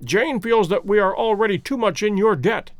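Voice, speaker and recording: A male reader giving voice to an old professor, fussy and eager, in a highish voice with plenty of lift. the sound is dry and close to the mic. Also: lively intonation, normal speed, dry recording.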